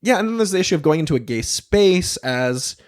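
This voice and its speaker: A man's voice: on the high side, a little fast, clean tone. Blunt, emphatic young man. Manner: emphatic, blunt, swears freely, lively asides. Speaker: podcast guest, writer. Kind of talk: casual interview chat.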